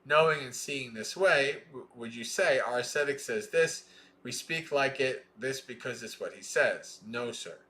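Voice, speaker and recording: A man reading a Buddhist scripture aloud in a slow, measured way, with plain explaining asides between passages. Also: mid-range voice, pushed and bright. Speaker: Dhamma reader.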